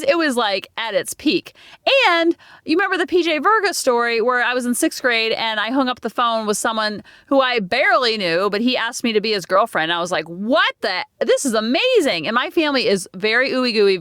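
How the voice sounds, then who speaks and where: A woman's voice: fairly high pitch, animated, brisk, pushed and bright, no room sound, studio quality. A middle-aged woman hosting a casual solo podcast, chatty and self-deprecating, acting out quoted voices from her own stories. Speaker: podcast host.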